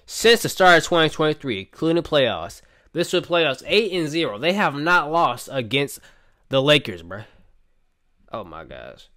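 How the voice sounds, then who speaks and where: A man reacting to basketball clips, animated and incredulous, saying "bro" at the end of many lines. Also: on the high side, unhurried. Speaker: reaction streamer. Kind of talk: excited sports reaction commentary.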